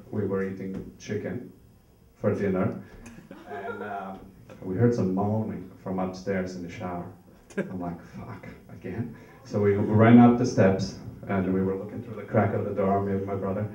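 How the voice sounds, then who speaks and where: A young man from Norway doing a stand-up set in a comedy club, nervous and halting with lots of fillers. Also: lowish voice, a little mellow, highs cut off. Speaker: stand-up comic. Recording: echoey club, mic heard from far. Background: audience laughter.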